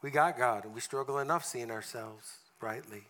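Bright-voiced man preaching. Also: medium pitch, normal speed. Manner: earnest, with soft drops in prayer. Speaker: guest preacher. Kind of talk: storytelling sermon and prayer. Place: church service room.

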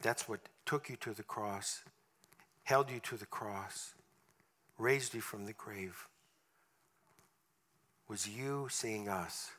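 Man, bright clear tone, earnest sermon, church service. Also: on the low side, slow pace, long pauses. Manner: earnest, with soft drops in prayer. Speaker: guest preacher. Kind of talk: storytelling sermon and prayer.

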